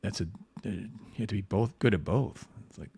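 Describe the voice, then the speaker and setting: A man's voice: lowish voice, a little fast, dark tone, husky. A man, a comic book artist, talking casually on a livestream while painting, rambling with frequent restarts and lots of "you know".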